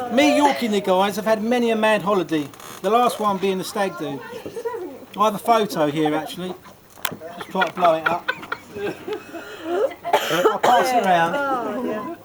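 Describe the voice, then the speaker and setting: A man's voice: high-pitched, lively intonation, unhurried, pauses often, a loud crowd, low-quality recording. A man giving a jokey, rambling best man's speech at a wedding reception. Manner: jokey, rambling, often laughing. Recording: loud background noise at a reception.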